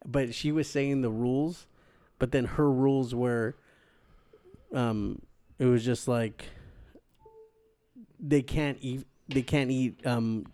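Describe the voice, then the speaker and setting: A man's voice: medium pitch, fairly even intonation, slow pace, long pauses, dark tone, smooth. A man co-hosting a podcast in casual movie chat, loose and laughing often, swearing casually. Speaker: podcast co-host.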